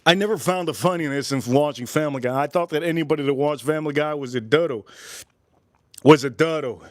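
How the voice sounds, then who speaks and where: Man, forties, livestream host, slightly high voice, loud and joking, rambling chat, dry close sound. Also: fast, no echo. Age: 40s.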